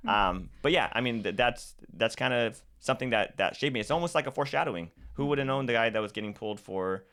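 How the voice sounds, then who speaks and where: This man, a podcast guest from California's Central Valley, speaks fast in a medium-pitched, slightly bright voice. Chatting casually and at length, he restarts and repeats words frequently.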